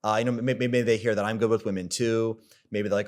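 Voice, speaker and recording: A man's voice: on the low side, steady tone, fairly quick, few pauses. A man giving a coaching monologue, rambling with lots of filler words, repeating himself for emphasis and swearing casually. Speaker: dating coach.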